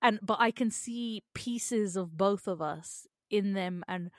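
A woman's voice: mid-range voice, slow pace, no room sound, studio quality. A young woman and mother co-hosting a podcast in casual chat, reacting readily, laughing easily and swearing casually. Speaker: podcast co-host.

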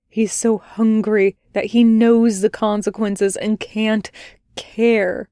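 A woman reading fan fiction aloud as a podfic, in a quiet, measured narration. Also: mid-range voice, little pitch movement, dry recording, studio quality. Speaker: podfic reader.

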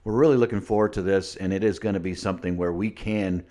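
Thoughtful older-sounding teacher guy on a podcast, lowish voice. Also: steady tone, fast talker, warm tone. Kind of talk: casual podcast chat.

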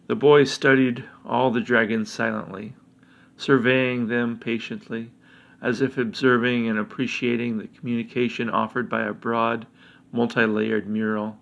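A man reading a fantasy story aloud in steady, deliberate narration. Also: mid-range voice, vocal fry.

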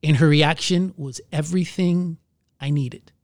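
A man who is a pastor, telling his own story in an earnest, halting way and searching for his words. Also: on the high side, fairly even intonation, darkish tone, no echo, studio quality. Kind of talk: candid personal testimony in conversation.

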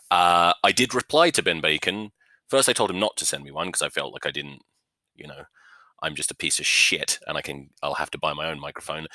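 A podcast host with a low-pitched, bright, forceful voice delivers a rambling comic rant about rugby. He swears freely, mocks himself and keeps restarting sentences, recorded dry and close on a new podcast mic with no room sound.

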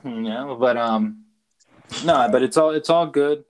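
A man's voice: mid-range voice, a little slow. A man co-hosting a podcast, telling loose stories in casual chat, full of fillers and swearing. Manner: rambling storyteller, loose and profane, many fillers. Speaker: podcast co-host. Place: away from home, calling in to the show.

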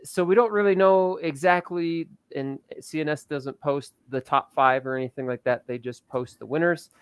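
A man co-hosts a casual racing recap, his voice sitting a little high. He talks loosely and laughs easily. The sound is dry and close. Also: normal speed, clean tone, dry recording. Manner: chatty, loose, laughs often. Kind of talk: casual chat.

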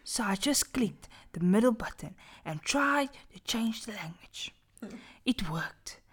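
A woman, reading a creepy story aloud on a podcast in a slow, breathy, half-whispered dramatic voice. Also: mid-range voice, expressive.

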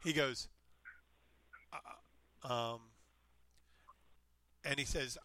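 Bright-voiced rambling male storyteller. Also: medium pitch, moderate pace, dry recording. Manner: meandering, self-interrupting, animated retelling. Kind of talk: casual chat, rambling storytelling.

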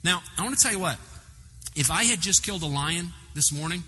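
A man delivers a sermon in an animated storytelling manner, with frequent asides to the congregation. His voice sits high and sounds very bright and sharp. It carries a long reverb from a large hall, with faint ambience behind it. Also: brisk, slight background noise. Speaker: pastor.

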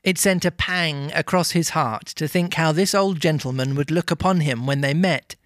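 A man's voice: on the high side, normal speed, no echo, clean studio sound. Man reading a classic novel aloud. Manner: lively, amused storytelling. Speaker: reader.

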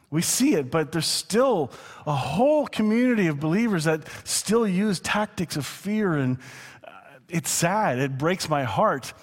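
A man preaching a sermon in a relaxed, conversational way, with quick asides and chuckles. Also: on the high side. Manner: conversational, chuckling, slows down to read scripture. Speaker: pastor. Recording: long hall reverb.

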